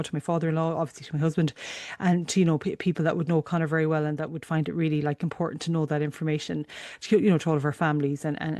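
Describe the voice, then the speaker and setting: A tearful middle-aged woman hosts her own podcast, telling a personal story in a low, warm-toned voice. She talks in halting bursts, restarting her sentences as emotion catches her. The sound is close and dry, with no room around it. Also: dry recording. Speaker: podcast host.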